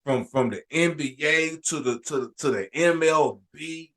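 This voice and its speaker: A man hosting a casual sports podcast, telling an animated, ranting story with frequent restarts and shouted emphasis. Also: a little high, measured pace. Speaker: podcast host.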